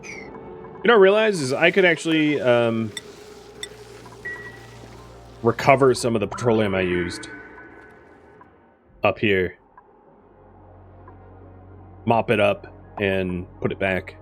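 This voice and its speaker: A young gaming streamer with a mid-range voice speaks at a measured pace with long pauses, faint music behind him. In casual let's-play commentary on his colony game, he rambles, corrects himself and fills gaps with lots of fillers.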